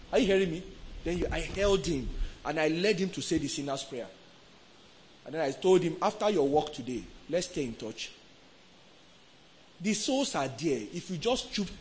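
A man with a Nigerian accent preaching a sermon, emphatic, swinging from soft to loud and asking the crowd questions. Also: on the high side, a little hiss or hum, rough recording.

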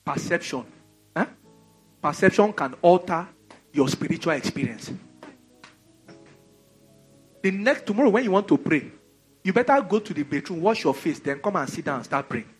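A Nigerian man delivers an animated, conversational sermon packed with rhetorical questions. His husky voice sits fairly high and moves at a moderate pace, with faint music playing behind him.

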